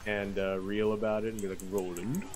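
A man's voice: lowish voice, completely flat delivery, fast, a crowd in the background, poor audio. A young man gaming with a friend over voice chat, swearing a lot and ranting mockingly in casual banter. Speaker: gamer on voice chat.

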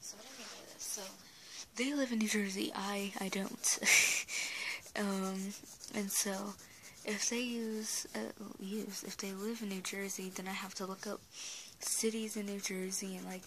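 A woman's voice: mid-range voice, fairly even intonation, measured pace, pushed and bright, a little hiss or hum, low-quality recording. A young woman giving casual, rambling advice on creating characters, full of restarts and fillers, recorded on a camera mic at home. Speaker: art vlogger. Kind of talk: casual talking-head advice.

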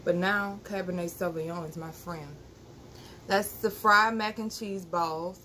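A woman's voice: lowish voice, steady tone, unhurried. A woman, co-hosting a casual live stream and greeting viewers by name. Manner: warm greetings, reads names aloud, easygoing. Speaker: co-host. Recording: faint background noise.

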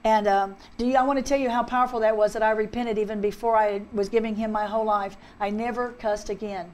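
Woman minister, fervent testimony, fairly high voice, earnest and repetitive. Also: steady tone, fast, darkish tone. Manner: fervent, earnest, repeats herself. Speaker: guest minister. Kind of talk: personal testimony, preaching.

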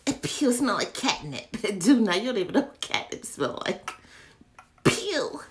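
A woman's voice: mid-range voice, sing-song, measured pace, a little hiss or hum. A young woman, chatting casually through a candle haul, playful and often dropping into whispers as she talks to herself. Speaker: vlogger reviewing candles. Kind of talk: casual haul video chat.

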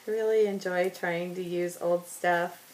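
This scrapbooking vlogger has a lowish, slightly mellow voice with fairly even intonation and a somewhat slow pace. She chats casually as she works on a layout, making self-deprecating jokes and laughing a lot. The recording quality is low.

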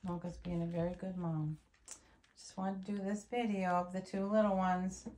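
A woman's voice: on the low side, little pitch movement, normal speed, warm tone. A woman filming her puppies, chatting casually and cooing to them in baby talk. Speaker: dog breeder filming puppies. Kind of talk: casual vlog narration.

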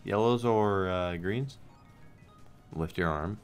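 A young man streams slot games, talking casually to the game and his viewers while swearing, pleading and getting sarcastic. His deep voice is clean-toned and slow, with faint music behind.

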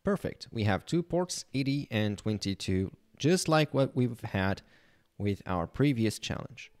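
Male tutorial host, low voice, unhurried delivery, talks through his screen step by step. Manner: thinking aloud, relaxed, with fillers. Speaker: channel host teaching penetration testing. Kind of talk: screen-recorded tutorial walkthrough.

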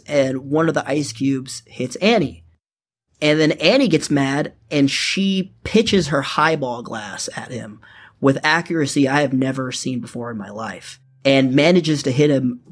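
A young man telling his own story in first person, casual and profane, full of fillers. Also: fairly high pitch.

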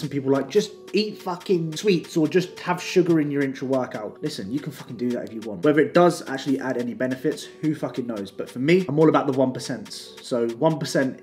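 A man's voice: mid-range voice, a little mellow. Swearing young man vlogging. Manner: swears constantly, blunt and self-mocking. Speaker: fitness vlogger. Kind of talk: casual vlog talk to camera. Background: music.

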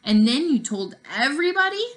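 A bold, playful young schoolgirl from a storybook, as a woman reading aloud puts her on. She teases and presses her point with emphatic, high, bouncing lines. Her pitch leaps around with lively swings. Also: brisk. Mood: teasing. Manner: emphatic, teasing, raised pitch.

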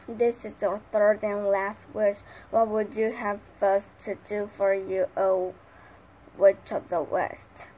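A woman voicing the leader of a band of winged monkeys in a storybook reading, slow and measured. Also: mid-range voice, little pitch movement, dark tone, slight background noise, natural voice, low-quality recording. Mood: solemn.

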